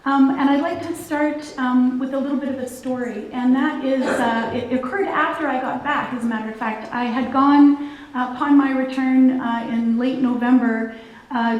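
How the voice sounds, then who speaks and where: A woman's voice: a little high, a little mellow, dull audio. A woman giving a church talk as guest speaker, hesitant, with many fillers. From Canada. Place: church hall. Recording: echoey church hall.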